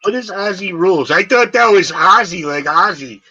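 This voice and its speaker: A man in his forties hosting a live stream, chatting in a rambling, animated way and swearing casually. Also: high-pitched, moderate pace, slightly rough, dry recording. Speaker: livestream host. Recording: dull lo-fi stream audio.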